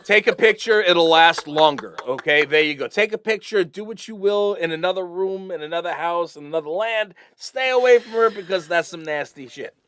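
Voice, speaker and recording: A middle-aged man with an East Coast American accent co-hosting a podcast, chatting in a rambling, animated way with frequent fillers. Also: high-pitched, normal speed, hardly any pauses, smooth, no room sound, studio quality. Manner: rambling, animated, swears casually. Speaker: podcast co-host. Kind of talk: casual chat.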